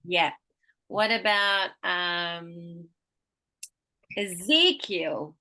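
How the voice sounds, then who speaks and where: A woman teaching pronunciation one-on-one, patiently modeling words slowly and clearly for her student. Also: mid-range voice, expressive, bright, forceful tone.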